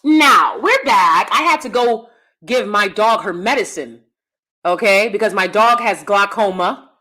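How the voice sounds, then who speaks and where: Bright, forceful woman streamer; loud and hype, addresses her viewers directly. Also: mid-range voice, measured pace. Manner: loud, animated, talks straight to viewers. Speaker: YouTube commentary host. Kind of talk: casual livestream commentary.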